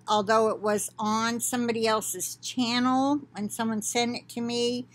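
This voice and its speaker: Slow, devout woman reading scripture-style prophecy. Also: fairly high pitch, a bit bright. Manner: slow, deliberate, devout reading with casual asides. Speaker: online Christian channel host. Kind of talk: reading a prophetic message aloud, slow and solemn.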